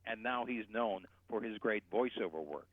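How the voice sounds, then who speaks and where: A man explaining voice technique as a guest voice coach, animated and shifting his loudness to demonstrate. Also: lowish voice, normal speed, dry recording. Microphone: telephone. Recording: tinny phone line.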